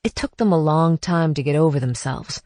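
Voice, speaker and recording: A woman's voice: low voice, normal speed, dark tone, no echo, clean studio sound. A woman narrator voicing a blunt, pushy middle-aged female friend in an audiobook. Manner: frank, pushy.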